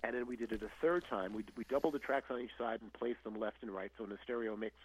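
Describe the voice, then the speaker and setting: A man's voice: medium pitch, fast talker, slight background noise. An older man, a guest musician, telling stories in a casual interview, acting out quoted lines with many restarts. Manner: animated storyteller, acts out quotes, frequent restarts. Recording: dull lo-fi audio.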